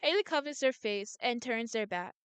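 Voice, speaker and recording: A woman's voice: a little high, animated, normal speed, a bit bright, clean tone, no room sound. A woman reading a visual novel aloud as a gameplay streamer, voicing every character in her own voice and often restarting words.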